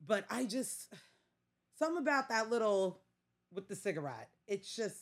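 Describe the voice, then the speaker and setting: A woman with a Staten Island New York accent, co-hosting a casual podcast chat in an animated, laughing, exclamatory way. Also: medium pitch, normal speed. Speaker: podcast co-host.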